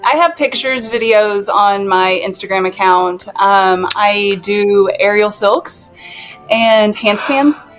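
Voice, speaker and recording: A woman author, a guest on a video call, talking modestly and softly with shy laughs. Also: mid-range voice, slow, faint music behind, poor audio. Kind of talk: casual chat.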